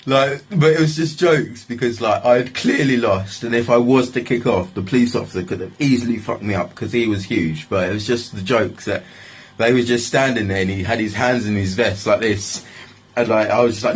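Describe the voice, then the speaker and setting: Husky young man, swearing storyteller. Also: on the low side, brisk, poor audio. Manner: swearing, rambling, repeats "like, literally". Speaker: vlogger telling a story. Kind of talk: casual storytelling.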